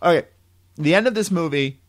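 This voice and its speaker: Guy ranting about a movie plot, kinda high voice, lots of "like", fast and animated. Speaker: podcast co-host. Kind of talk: casual movie review chat.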